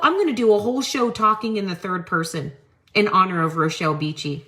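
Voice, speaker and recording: A woman's voice: mid-range voice, animated, a little fast, a bit bright. A woman hosting a live-selling show, ranting on her stream with mocking, exasperated disbelief and free swearing. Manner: swears freely.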